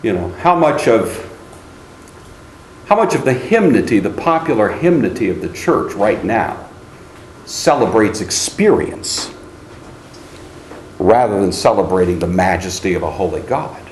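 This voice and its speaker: A man with a voice on the low side lectures a class a little slowly, pausing often. Animated, he calls on students by name and now and then mocks the ideas he quotes, slipping into a mocking singsong for shallow hymns. The classroom is echoey, with faint ambient noise.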